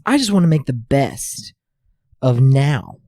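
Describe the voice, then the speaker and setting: A man's voice: medium pitch, sing-song, unhurried, warm tone, no echo. A man hosts a casual podcast, talking in an earnest, reflective way and often repeating words as he works through a thought. His voice sits in the middle range and is recorded close and dry, with no room sound. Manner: earnest, reflective, repeats phrases while thinking. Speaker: podcast host. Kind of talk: casual chat.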